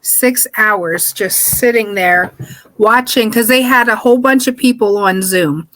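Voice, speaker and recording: A young woman actor chats casually, sprinkling her talk with fillers. Her voice sits a bit high for a woman. The sound is dry and close, with no room echo. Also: a little slow, a bit bright. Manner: casual, uses many fillers like "like". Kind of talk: casual interview chat.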